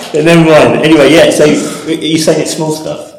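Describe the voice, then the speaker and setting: A man's voice: fairly high pitch, steady tone, a little slow, creaky, heavy reverb, background noise. A man co-hosting a casual science chat, playful and teasing. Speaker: podcast co-host, scientist.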